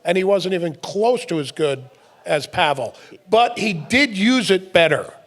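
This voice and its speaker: Middle-aged guy with a pretty high voice, chatty podcast host, tells stories and laughs a lot, does the other people's lines. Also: measured pace. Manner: animated storyteller, laughs often, acts out quotes. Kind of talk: casual chat.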